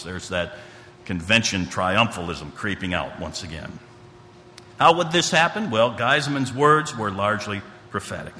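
A man giving a church history lecture, reading quotations with measured emphasis and occasional restarts. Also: fairly low pitch, bright, forceful tone. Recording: long hall reverb, faint ambient noise.

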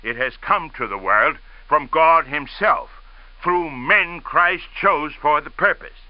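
A man's voice: on the high side, dry recording, lo-fi sound. Earnest male radio preacher. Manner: measured, earnest storytelling. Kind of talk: radio sermon.

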